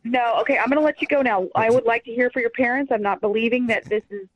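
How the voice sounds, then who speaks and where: A woman's voice: fairly high pitch, fast talker, no echo. A woman working as a tattoo shop receptionist, answering a call firmly and with growing exasperation. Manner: patient then firm, exasperated. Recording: dull phone line.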